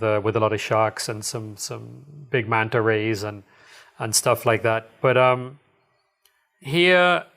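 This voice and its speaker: A middle-aged man talks as a podcast guest at a mid-range pitch. He rambles through his stories with plenty of fillers, and he sounds enthusiastic and chuckles often. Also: fairly bright tone. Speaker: dive shop owner, guest. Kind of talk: casual storytelling interview.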